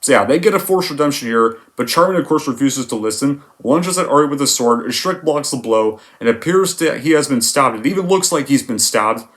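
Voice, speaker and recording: A man's voice: mid-range voice, lively intonation, brisk, few pauses, a bit bright. A man giving an exasperated, emphatic film review rant, swearing often as he complains. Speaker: movie reviewer.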